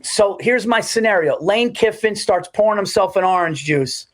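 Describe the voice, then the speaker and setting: Excitable man telling sports stories. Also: high-pitched, moderate pace. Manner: storytelling, excitable, profane. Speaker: podcast co-host. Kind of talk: casual sports chat.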